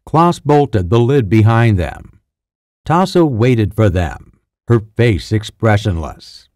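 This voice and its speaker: Low, mellow male audiobook narrator. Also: expressive, slow, no room sound, studio quality.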